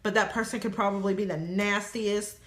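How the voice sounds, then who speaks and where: A woman's voice: mid-range voice, fairly even intonation, a little fast, a little hiss or hum. A woman co-hosting a casual chat, talking earnestly about her feelings and often trailing off. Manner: earnest, soft-spoken, trails off. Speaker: co-host, partner.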